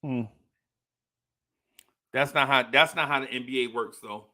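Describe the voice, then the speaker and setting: A Jersey City man with a New Jersey accent hosts a casual live podcast, reading listener comments in a slangy, playful way, laughing often and repeating himself. His mid-range voice is steady, a little slow, and pushed and bright.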